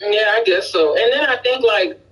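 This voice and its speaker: A man's voice: high voice, moderate pace, a bit bright, distant mic, dull audio. A man from Miami with a Miami accent, chatting casually and hesitantly, with frequent restarts and fillers. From Miami, Florida. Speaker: conversation partner. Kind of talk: casual chat.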